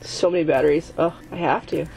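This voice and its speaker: A woman's voice: low-pitched, fairly even intonation, quick pace, gravelly, darkish tone. A woman hosting her own gaming channel, giving let's play commentary while she plays, exasperated and swearing at the game, often chanting the same urging words over and over. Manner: chants repeated urging phrases.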